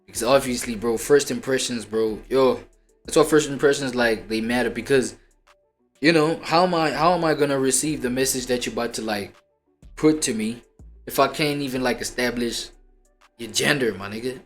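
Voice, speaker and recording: Streamer, man, mid-pitched voice, slangy and rambling casual talk, with music underneath. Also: moderate pace. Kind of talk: casual chat.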